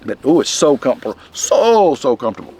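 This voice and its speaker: A man's voice: medium pitch, expressive, a bit bright. Rambling man vlogging outdoors. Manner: rambling, halting, many restarts. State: chest congestion. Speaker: vlog host. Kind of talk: casual rambling vlog. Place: outdoors in the wind.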